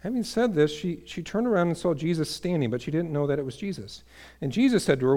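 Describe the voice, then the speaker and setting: A man preaching a sermon to a congregation, building to emphatic peaks and dropping to quiet asides, asking the listeners questions. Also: a little high, fast talker. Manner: energetic, rises to emphatic peaks then drops to quiet asides. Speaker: pastor.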